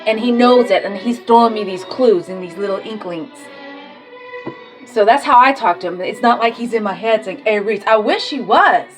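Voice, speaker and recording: A woman's voice: a little high, normal speed, soft background music. A woman talking casually and with feeling about faith, swearing freely and laughing between thoughts. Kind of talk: casual spiritual monologue.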